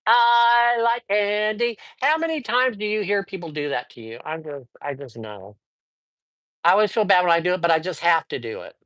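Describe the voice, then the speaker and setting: A man hosting a casual live stream, telling ghost stories with lively acted-out dialogue and giving tarot readings to viewers. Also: on the high side, brisk. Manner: lively storyteller who acts out dialogue. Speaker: live-stream host and psychic reader.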